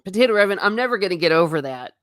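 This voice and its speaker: A woman's voice: mid-range voice, expressive, racing, a bit bright, dry recording, studio quality. A woman chatting casually with viewers on a live stream while showing travel photos, often laughing and stumbling over repeated words. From not Irish. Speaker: livestream host.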